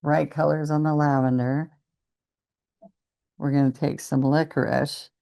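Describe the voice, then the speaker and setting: Older woman painting instructor, mellow and gravelly, slow and even, chatty demo. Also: deep voice. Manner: chatty, encouraging, talks while working. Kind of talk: relaxed painting demonstration.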